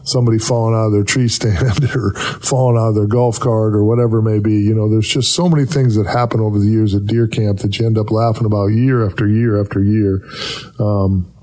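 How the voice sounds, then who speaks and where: A man chatting casually and reminiscing in a relaxed, rambling way, laughing easily. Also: lowish voice, fairly quick. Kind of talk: casual chat.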